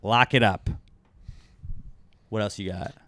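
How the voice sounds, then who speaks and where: A man hosting a casual podcast, cursing freely and getting loud as he acts out insults. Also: fairly low pitch, takes it slowly, no echo. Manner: profane, animated, swings loud when acting out insults. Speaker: podcast host.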